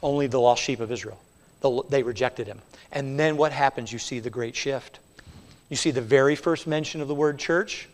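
A man preaching a sermon as pastor, swinging between quiet stretches and emphatic bursts. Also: mid-range voice, normal speed, big-room sound.

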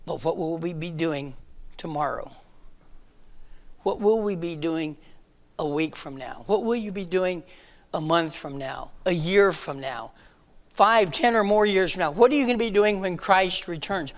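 A man preaching a sermon in a church, moving between loud emphatic calls and hushed, quiet passages. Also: on the high side, unhurried.

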